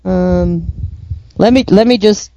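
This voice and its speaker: A woman co-hosting a casual chat, playful and teasing, quick to laugh. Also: on the low side, mellow. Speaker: co-host. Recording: dull lo-fi sound.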